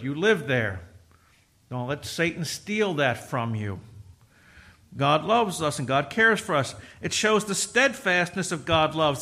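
A middle-aged man preaching a sermon, emphatic, swinging from loud exhortation to quiet, with repeated restarts. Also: sits high.

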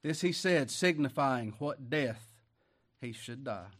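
Preacher guy, folksy, reads scripture big and slow then goes quiet and low, mid-pitched voice. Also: expressive. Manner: swings from loud, slow scripture reading to quiet, low asides; folksy, emphatic, asks rhetorical questions. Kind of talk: sermon with scripture reading.

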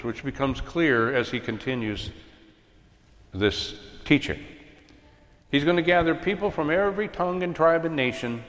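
Male preacher, lively pitch, big echoing hall, emphatic sermon delivery. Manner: emphatic, swings loud and soft while preaching. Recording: long hall reverb.

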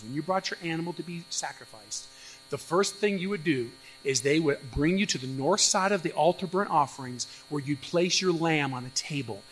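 A male pastor preaching an expository sermon, animated, acting out the voices of doubters with sudden jumps in pitch and loudness. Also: slight background noise, rough recording.

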